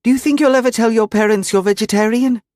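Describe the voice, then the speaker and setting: A man voicing an eager, adoring young woman in a high, breathless voice for an audiobook. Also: quick pace, darkish tone, dry recording, clean studio sound.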